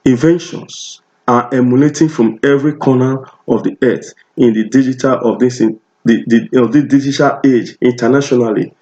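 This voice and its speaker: A man's voice: medium pitch, steady tone, normal speed, hardly any pauses, dark tone. A Nigerian man with a Nigerian accent preaching a sermon, emphatic and repetitive, often restarting his phrases. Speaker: pastor. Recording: dull lo-fi recording.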